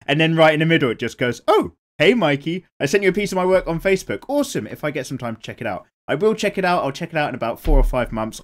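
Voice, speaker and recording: A young British man hosting a drawing show, reading out viewer comments in a rambling, casual way, swearing freely and laughing often. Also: medium pitch. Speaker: art channel host.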